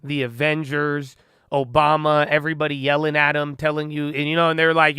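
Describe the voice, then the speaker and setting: A man's voice: fairly high pitch, little pitch movement, moderate pace, pushed and bright, clean tone, no room sound, studio quality. A man hosting a trading livestream, rambling loosely and talking to his chat with "bro" and "man". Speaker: stock trading streamer.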